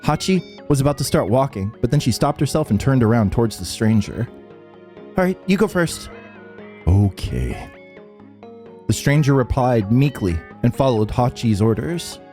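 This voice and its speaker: A man hosting a game playthrough, reading the story aloud and reacting with laughs and quick comments. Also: mid-range voice, faint music behind. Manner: lively, laughs and reacts mid-read. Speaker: let's play host.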